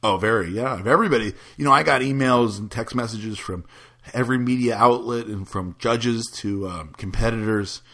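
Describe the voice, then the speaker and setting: A man's voice: medium pitch, normal speed, fairly bright tone. A man chatting casually as a podcast host, telling a rambling story with many restarts and frequent laughs. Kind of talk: casual chat.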